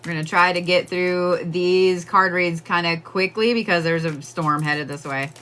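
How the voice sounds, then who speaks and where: A woman's voice: fairly low pitch, steady tone, moderate pace, fairly bright tone, clear, resonant tone. A woman giving casual psychic readings on a livestream, chatting with viewers and laughing often.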